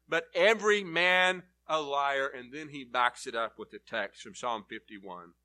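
A man's voice: on the high side, sharp tone. A male preacher giving an earnest Bible-teaching sermon, leaning hard on key words.

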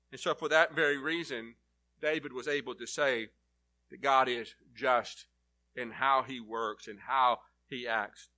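A man preaches an earnest Bible-teaching sermon, his voice sitting fairly high for a man. His tone is bright and ringing, and he drives home key words with heavy emphasis.

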